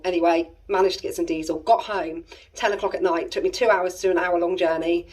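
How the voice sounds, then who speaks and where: With a low, steady, darkish, husky voice, an English woman in her thirties talks fast as she rambles through a family story. She's a family vlogger chatting casually with exasperated asides, recorded a little distant from the mic.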